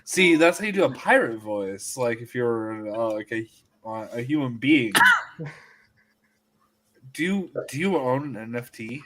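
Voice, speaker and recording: A man's voice: medium pitch, expressive, unhurried, pauses often, background noise. A man hosting a casual group podcast chat, joking and rambling loosely. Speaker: podcast host.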